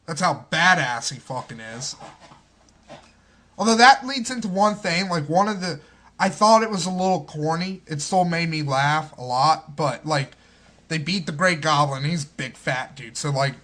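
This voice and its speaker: Casual male reviewer, slightly high voice, rambling and profane. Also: moderate pace, bright, forceful tone. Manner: rambling, profane, many fillers and restarts. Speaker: movie reviewer.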